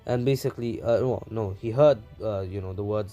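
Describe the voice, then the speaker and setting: A man's voice: fairly low pitch, fairly even intonation, fast talker, hardly any pauses, mellow, faint music behind. A man casually narrating a fan story, rambling with many fillers.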